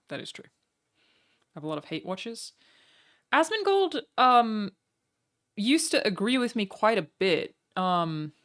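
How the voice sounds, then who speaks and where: A young woman streaming from home, chatting casually and joking at her own expense, with quick asides to her chat. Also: low-pitched, gravelly. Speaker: streamer reacting to a broadcast.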